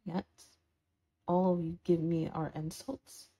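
A woman's voice: lowish voice, steady tone, takes it slowly, mellow, slightly rough, exaggerated voice. A woman voicing a sarcastic, scolding horned demon in an audio role-play for a listener. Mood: mocking sarcasm. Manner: sarcastic, scolding, dramatic swings.

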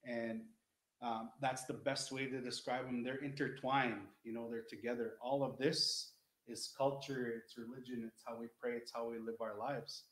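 A man's voice: medium pitch, level tone, normal speed, fairly bright tone. Earnest man teaching, echoey room. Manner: earnest, rambling, with many restarts. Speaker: Indigenous educator. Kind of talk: informal teaching talk.

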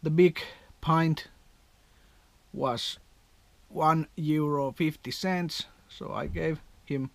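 Slow-talking Finnish man, rambling vlog. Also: fairly high pitch, steady tone, creaky, no echo. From Finland. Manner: rambling, chatty storyteller with non-native grammar. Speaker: vlogger. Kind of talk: casual vlog chat.

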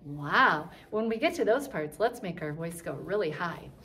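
Chanting rhymes sing-song style and letting out high, squealing train whistles, a woman teaches kindergartners music. She is expressive and speaks at a normal speed, though the recording is very noisy.

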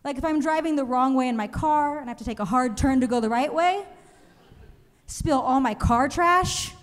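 A young woman doing a stand-up comedy set, telling animated stories and acting out other people's voices. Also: high voice, moderate pace. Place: comedy stage in a museum venue. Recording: live show in a reverberant hall.

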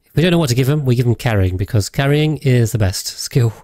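A man's voice: mid-range voice, expressive, fast talker, warm tone, dry recording. A man chatting casually on a livestream while playing a game, rambling with frequent hesitations and self-corrections. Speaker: game streamer.

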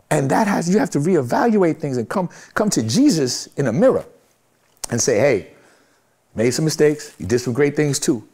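A middle-aged music manager from Brooklyn, New York, speaks candidly as an interview guest. His voice sits on the high side, darkish with a breathy edge, and he comes across emphatic, repetitive, and motivational.

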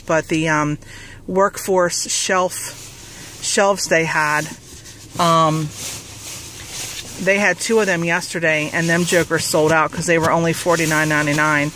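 Chatty woman, bright voice. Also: sits low, a little hiss or hum, poor audio. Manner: rambling, chatty, many fillers and restarts. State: out of breath. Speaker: vlogger. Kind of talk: casual haul vlog chat. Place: outdoors in a store parking lot by a car.

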